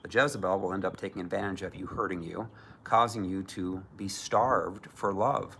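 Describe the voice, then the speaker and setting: A man's voice: sits low, fairly even intonation, moderate pace, creaky, a bit bright, a little hiss or hum. A man preaching as a Christian minister, emphatic and often mocking others in put-on voices. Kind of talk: preaching to camera.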